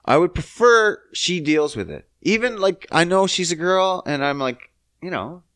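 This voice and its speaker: A man in his thirties hosting a podcast, ranting casually and cursing as he swings between loud outbursts and low mutters. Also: expressive, moderate pace, smooth, dry recording, clean studio sound. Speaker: podcast host.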